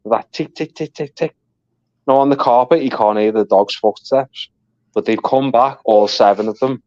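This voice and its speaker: A man's voice: medium pitch, a little mellow, no echo. A man chatting casually and swearing on a live stream, laughing often as he tells stories. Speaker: guest on a live stream chat. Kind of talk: casual chat. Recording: dull lo-fi audio.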